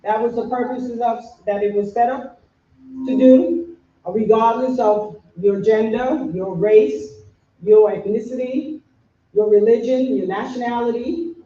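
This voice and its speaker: A woman with a New York accent speaks earnestly to a community gathering, measured and a little halting. Her tone is mellow, and she sounds distant in an echoey hall on a dull, muffled recording. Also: on the high side. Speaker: community organization officer. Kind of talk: prepared address to an audience.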